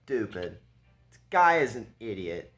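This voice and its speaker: A man's voice: fairly low pitch, sing-song, unhurried, fairly bright tone. A man giving casual, blunt commentary over a gameplay replay, mocking and laughing at his opponent. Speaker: gaming video creator.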